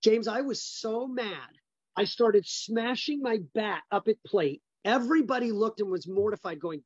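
A man's voice: high voice, unhurried, husky, no echo, muffled recording. A middle-aged man, a business founder, telling personal stories as an interview guest, stressing points by repeating words.

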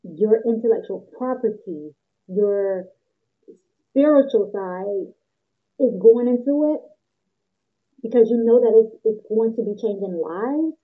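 A woman hosting a motivational podcast, energetic and excitable, talking straight to her listeners. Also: fairly high pitch, slow pace, pauses often, slightly rough. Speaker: podcast host. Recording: tinny phone-like sound.

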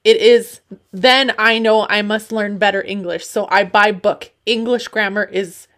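A woman voicing a boastful, middle-aged Russian immigrant man, speaking loud broken English in a put-on Russian accent. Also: medium pitch, fairly even intonation, unhurried, close to an everyday voice.

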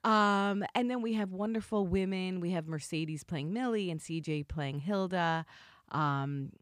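A woman, an actress, chatting in a podcast interview, effusive and gushing, with lots of fillers and big swings in pitch. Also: measured pace, no echo, clean studio sound. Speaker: actress guest.

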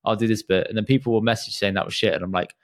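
A man hosting a casual podcast, relaxed and quizzing his guest, swearing offhandedly. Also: lowish voice, very fast. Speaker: podcast host.

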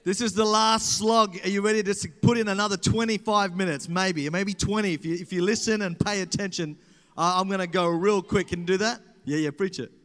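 Speaking briskly in a high, slightly bright voice, this Australian preacher jokes through a sermon and banters with the crowd. He's in a large hall, recorded live with reverb.

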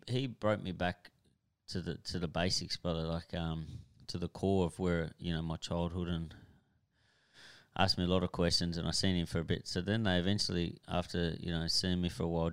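A man's voice: sits low, creaky, clear, resonant tone. A man who tells his personal story as an interview guest, bluntly and with a lot of swearing, often stopping and restarting. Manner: blunt, profane, halting.

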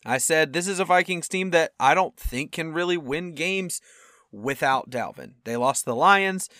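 A young man co-hosting a football podcast in casual chat, animated and acting out quotes with sudden loud outbursts. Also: a little high, measured pace, dry recording, studio quality. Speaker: podcast co-host.

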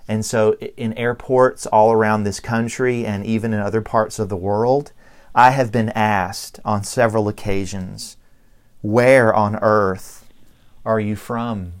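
A middle-aged man with a Southern US accent, preaching a sermon as pastor, slow and deliberate with emphatic pauses. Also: on the low side, clear, resonant tone. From Southern United States.

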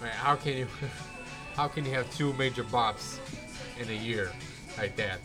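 A man talks slowly and easily, laughing a lot as he chats excitedly with a co-host. Music plays clearly behind him in a restaurant. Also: medium pitch. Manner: slow, laughs often, fan-like enthusiasm. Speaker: podcast co-host. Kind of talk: casual chat.

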